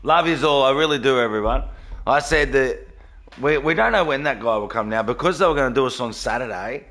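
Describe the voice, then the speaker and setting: A man's voice: mid-range voice, brisk, a bit bright. Chatty male streamer greeting viewers. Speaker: game streamer. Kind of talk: casual live-stream chat. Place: home studio.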